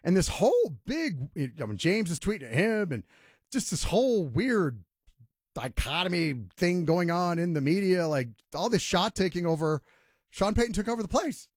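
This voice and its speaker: A man's voice: high-pitched, no room sound, studio quality. A man hosting a sports talk radio show, ranting emphatically and mocking others in voiced quotes.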